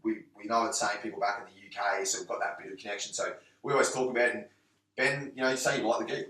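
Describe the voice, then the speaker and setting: A man's voice: on the low side, fairly even intonation, rapid-fire, pushed and bright. A man with an English accent chatting on a podcast as a guest, talking emphatically with lots of restarts and the odd swear. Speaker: guest, MMA gym owner and coach. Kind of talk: casual podcast chat. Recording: roomy, echoey room, mic at a distance.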